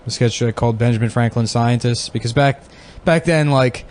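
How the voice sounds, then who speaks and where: A man co-hosting a comedy podcast in loose, crude banter, riffing deadpan with the others. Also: medium pitch, moderate pace. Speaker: podcast co-host.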